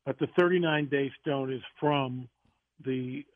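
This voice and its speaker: A man, a guest author on a radio interview, telling stories in an animated way with quick restarts. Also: medium pitch. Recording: tinny phone line.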